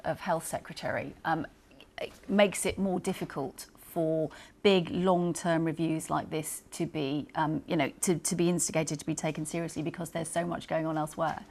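A woman presents the news in a low, measured voice. She moves from reading the bulletin into questioning a guest, pausing on fillers as she frames her questions. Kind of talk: broadcast news presenting and interviewing.

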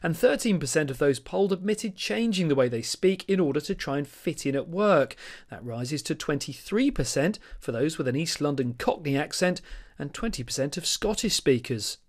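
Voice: medium pitch, expressive, moderate pace. News reporter narrating a report.

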